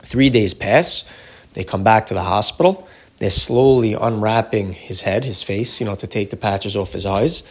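A man tells a story as part of a religious lesson. He talks casually, with many fillers and restarts. His voice sits a little low. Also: moderate pace. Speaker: teacher.

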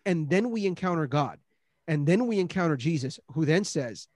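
A man's voice: a little high, lively intonation, normal speed, a little mellow, no echo, studio quality. A man hosting a Christian discussion, speaking earnestly with many restarts and rising emphasis on key points. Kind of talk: casual faith discussion.

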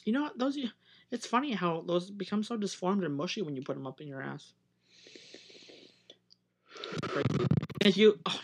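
Crude, sarcastic woman podcast co-host. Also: on the low side. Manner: crude, sarcastic, swears often. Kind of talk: casual chat.

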